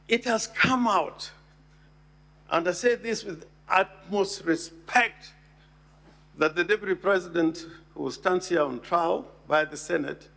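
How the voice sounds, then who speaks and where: A man with a fairly high voice gives a formal address to a Senate hearing. He speaks at an unhurried pace, weighing each phrase and leaning hard on the words he wants to stress. There is a gravelly, creaky edge under his voice. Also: fairly bright tone. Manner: slow, deliberate, emphatic, stresses key words.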